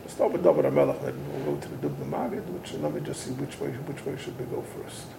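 A man teaching a Torah class, mixing scripture with an animated story and wandering off into asides. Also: medium pitch, quick pace, gravelly, background noise. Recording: roomy echo.

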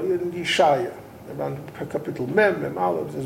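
A man teaching a Torah class, mixing scripture with an animated story and wandering off into asides. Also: fairly high pitch, fairly quick, creaky, slight background noise. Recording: roomy echo.

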